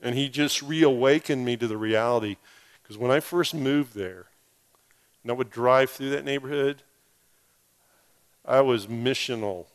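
A man's voice: mid-range voice, unhurried, pauses often, smooth. A male pastor preaching a sermon through a personal story, with humorous, self-deprecating asides.

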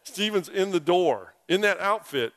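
A man's voice: high-pitched, animated, a little slow, a bit bright. A male pastor preaching a sermon through a personal story, with humorous, self-deprecating asides.

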